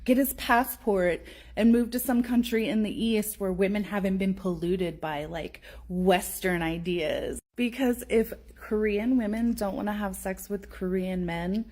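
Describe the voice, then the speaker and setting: A woman's voice: medium pitch, warm tone. A woman gives casual commentary with a sarcastic, mocking edge. Her voice sits in a plain middle range.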